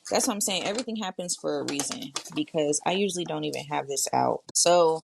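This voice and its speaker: Casting: female podcast host, low gravelly voice, relaxed solo chat straight to listeners. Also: a little fast, noisy background. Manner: chatty, talks straight to listeners. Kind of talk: casual solo monologue.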